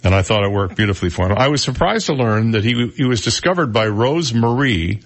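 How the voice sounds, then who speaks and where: A man's voice: medium pitch, expressive, a little fast. A man hosting a radio talk show, chatting casually and reading news items with his own asides.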